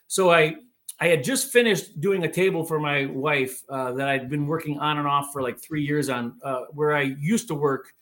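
A man's voice: fairly high pitch, brisk, fairly bright tone. A man guest on a podcast, telling a story casually and animatedly, full of filler words and acted-out quotes.

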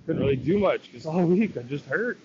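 Man in a casual vlog, venting in a rambling, frustrated way. Fairly high voice, muffled recording, loud noise behind. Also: animated, brisk. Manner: rambling, frustrated, quotes himself in dialogue. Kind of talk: casual storytelling rant.

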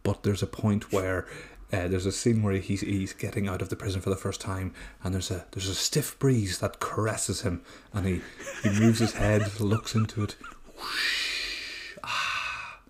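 A man's voice: fairly low pitch, little pitch movement, normal speed, few pauses, a little mellow. A man co-hosting a casual movie podcast, easygoing and jokey and laughing often. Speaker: podcast co-host. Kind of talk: casual chat.

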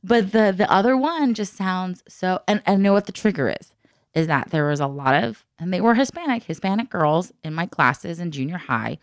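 A woman's voice: fairly low pitch, expressive, normal speed, no room sound, clean studio sound. A middle-aged woman co-hosting a casual chat, talking in a chatty, exasperated way and laughing often. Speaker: podcast co-host.

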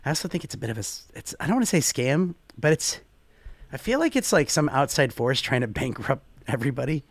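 Lively man co-hosting a podcast. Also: fast, no echo. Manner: animated, jumps into excited high bursts. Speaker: podcast co-host. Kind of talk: casual podcast chat.

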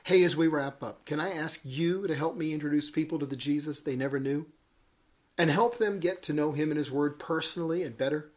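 Male bishop with a higher-than-usual voice, delivering an expressive devotional sermon story. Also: a little fast. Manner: dramatic, varied delivery with chuckles at his own jokes. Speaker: bishop giving a daily devotional message.

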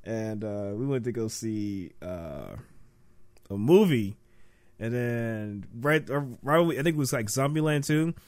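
A man's voice: mid-range voice, lively intonation, a little slow, a little mellow. A man from the in casual chat, telling stories in a rambling, slangy way and laughing often.

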